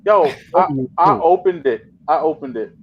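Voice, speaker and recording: A man's voice: on the high side, normal speed. A man telling stories in a casual podcast chat, swearing and getting worked up. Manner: profane, excitable storyteller. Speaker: wrestling promotion owner. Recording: dull lo-fi audio.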